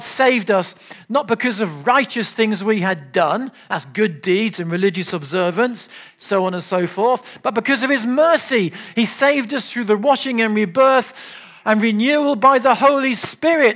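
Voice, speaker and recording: High-voiced preacher, earnest and emphatic. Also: male voice. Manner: earnest, emphatic preaching that sinks to soft, low appeals. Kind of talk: sermon.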